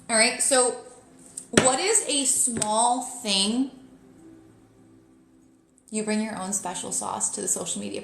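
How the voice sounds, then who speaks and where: A woman's voice: medium pitch, a bit bright, roomy sound, a little hiss or hum. A woman in her thirties with a New Jersey accent, giving a live tarot reading in a chatty, blunt way. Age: 30s. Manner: chatty, blunt, laughs often, lots of "like". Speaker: tarot reader.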